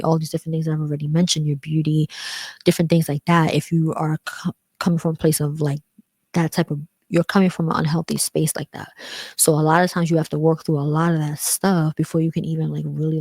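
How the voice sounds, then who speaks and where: A woman talking candidly about growing up, rambling with many fillers and acting out other people in a higher voice. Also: vocal fry, dark tone, dry recording. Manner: rambling, frequent "like" and "um", acts out quoted voices higher. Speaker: vlogger. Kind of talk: personal reflective talk.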